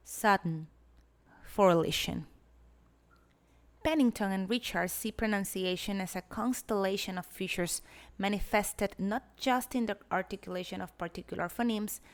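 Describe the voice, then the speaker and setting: A woman whose first language is Spanish narrates an academic lecture in a measured, medium-pitched voice. She explains topics carefully and demonstrates examples aloud.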